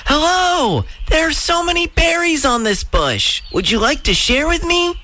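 A sweet, bright young robin from a storybook, played by a woman, polite and eager to make friends. His voice is lively and a little high. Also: measured pace, slight background noise, heavily acted. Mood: friendly.

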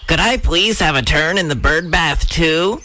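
A woman voicing a friendly young male robin who speaks politely and gently. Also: deep voice, normal speed, faint music behind, pitched below the performer's own voice.

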